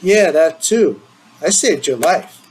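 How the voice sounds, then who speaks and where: A man voices a teasing, eager teenage boy heading off to college, pushing his voice higher and brighter than his own to sound playful and needling. The delivery is animated and slow. The recording is rough, with a little hiss or hum.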